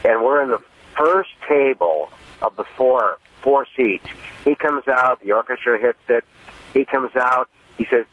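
A man's voice: medium pitch, moderate pace, dry recording. A man calling in to a radio show, telling a story with a storytelling manner. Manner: storytelling, quotes others with lively voices. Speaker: caller. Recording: dull phone-in line.

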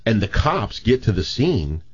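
Brief: low-pitched man, animated storyteller, dull lo-fi recording. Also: unhurried. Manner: animated storyteller with many restarts. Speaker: co-host telling a story. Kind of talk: casual chat, storytelling.

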